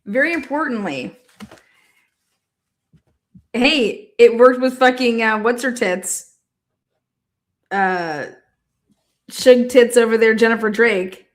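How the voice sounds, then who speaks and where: A woman hosting live trial commentary, talking in an animated, profane way and laughing often. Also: on the high side, slow pace, pauses often.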